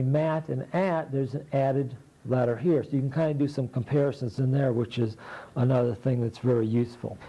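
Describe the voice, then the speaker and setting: A man's voice: mid-range voice, warm tone, rough recording. A middle-aged man, a literacy teacher, walking through his teaching materials in a plain, folksy, practical way.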